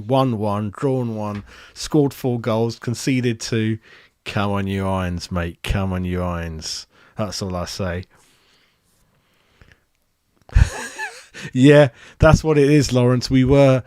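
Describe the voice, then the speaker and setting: Excitable matey man. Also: fairly low pitch, dry recording, studio quality. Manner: excitable, matey, chats to viewers by name. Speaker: fan channel host. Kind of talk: live match reaction chat.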